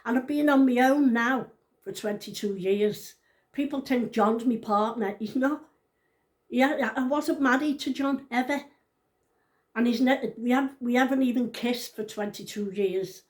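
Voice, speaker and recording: A woman's voice: on the high side, unhurried. Blunt, outspoken woman in her sixties. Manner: blunt and outspoken, swears freely; emphatic, repeats points. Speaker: vlogger. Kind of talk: casual storytelling to camera.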